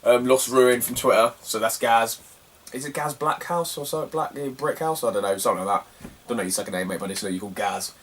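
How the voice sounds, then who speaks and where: A man's voice: medium pitch, quick pace, fairly bright tone, recorded from a distance, a little hiss or hum. A young man, telling a rambling, slangy story as a retro gaming vlogger and laughing often between phrases. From Cornwall, England. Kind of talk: casual rambling anecdote.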